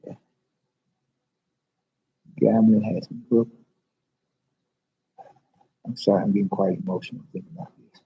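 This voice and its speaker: A man's voice: fairly low pitch, fairly even intonation, unhurried, long pauses, husky. A man in a public library rambling emotionally and confessionally on a livestream to his viewers. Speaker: vlogger. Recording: dull lo-fi livestream audio.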